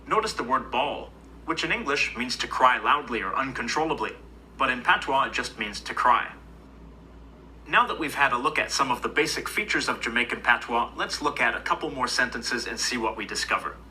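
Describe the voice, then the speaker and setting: Bright-voiced man narrating a language lesson. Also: medium pitch, a little fast, a little hiss or hum, rough recording. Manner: even, explanatory. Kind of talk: scripted educational narration.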